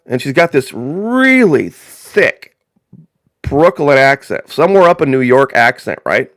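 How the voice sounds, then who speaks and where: A man's voice: mid-range voice, big pitch swings, measured pace, a bit bright, dry recording, clean studio sound. A man from northern Indiana hosting a live stream in casual chat, rambling in a folksy way and repeating phrases for emphasis.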